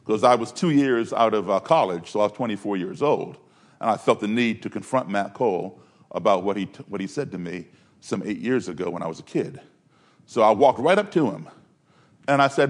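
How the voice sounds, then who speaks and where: A man's voice: medium pitch, normal speed. A man from Maryland telling a personal story in a conversational way, with fillers and restarts. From Maryland, USA.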